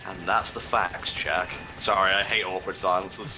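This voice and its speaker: A man's voice: low voice, fairly even intonation, normal speed, low-quality recording. Joking man over game music. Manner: joking, sweary banter. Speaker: charity stream host reading donations. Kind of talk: casual gaming commentary.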